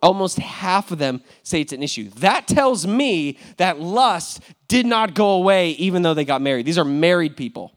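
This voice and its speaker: A young man preaches with a very high-pitched voice. He keeps it casual and joking, full of fillers and asides to his listeners. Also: lively intonation, moderate pace, few pauses. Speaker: pastor. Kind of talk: sermon.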